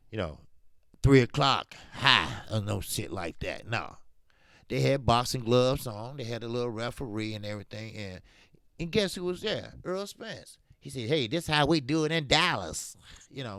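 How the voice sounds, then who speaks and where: With vocal fry in a mid-range voice, a boxing talk show host chats on a casual commentary livestream, emphatic and animated, drifting into slang. The audio is studio quality with no room sound.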